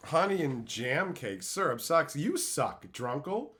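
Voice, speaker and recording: A man's voice: mid-range voice, sing-song, takes it slowly, a bit bright. Crude, ranting male streamer. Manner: crude, mocking, ranting, laughs often. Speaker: streamer reading chat. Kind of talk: profane casual live-stream chat.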